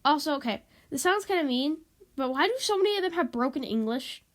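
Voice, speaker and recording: A woman's voice: sits high, expressive, a little fast. A woman vlogging in a casual, rambling monologue, stuffy and sniffling, apologetic and repeating herself, recorded on a tablet. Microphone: tablet microphone.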